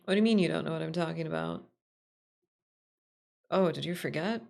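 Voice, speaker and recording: Woman streamer, somewhat low pitch, playful teasing chat, laughs often. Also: fairly quick, vocal fry, darkish tone. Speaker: VTuber streamer. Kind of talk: casual live-stream chat.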